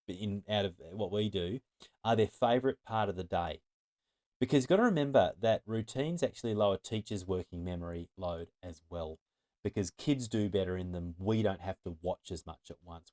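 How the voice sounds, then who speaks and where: A man's voice: on the low side, darkish tone. A middle-aged man giving an earnest, emphatic talk to teachers as a trainer, sometimes restarting his words. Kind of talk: presentation to teachers.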